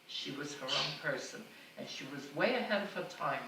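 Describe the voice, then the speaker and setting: A woman's voice: low voice, expressive, moderate pace, vocal fry, hardly any pauses. An older woman recalling stories about her mother in a fond, anecdotal way. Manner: fond, anecdotal, with small laughs. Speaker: narrator of her mother's life. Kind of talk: oral history storytelling. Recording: roomy, distant mic, faint noise.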